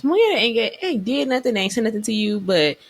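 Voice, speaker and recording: Casting note: lively woman podcast co-host, slangy, casual recap chat, voice swinging widely. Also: fairly high pitch, fast talker. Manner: animated, slangy, acts out quotes.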